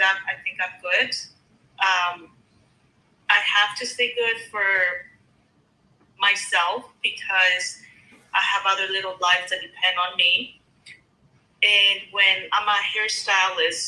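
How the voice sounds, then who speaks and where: A woman's voice: mid-range voice, sharp tone, echoey room, rough recording. A woman in her thirties from Canada, a guest talking in a casual chat, emotional and hesitant with many fillers. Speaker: guest caller.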